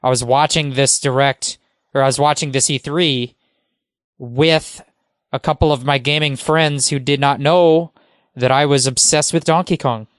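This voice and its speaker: Enthusiastic man with a crisp, dry voice. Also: mid-range voice, fairly even intonation, unhurried, no echo. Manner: enthusiastic, rambling, many fillers. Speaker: podcast guest. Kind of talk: casual podcast chat.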